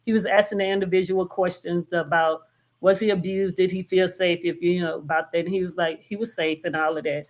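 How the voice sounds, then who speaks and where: A woman's voice: fairly low pitch, steady tone, brisk, a little mellow. A woman, a minister, telling a story in an earnest, detailed way during a casual live church discussion. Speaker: minister and co-host.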